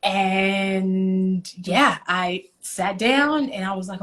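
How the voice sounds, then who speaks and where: A woman's voice: medium pitch, steady tone, drawn-out words, fairly bright tone. A woman from Nigeria, a guest in a casual live video chat, telling personal stories and animatedly acting out her own past lines. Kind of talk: casual conversation, personal storytelling. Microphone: live video call.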